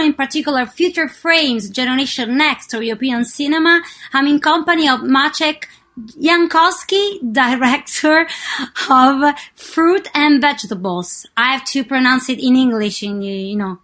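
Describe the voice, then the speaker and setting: A woman's voice: sits high, fairly bright tone. A woman interviewing a filmmaker for a festival radio, asking curious, prompting questions.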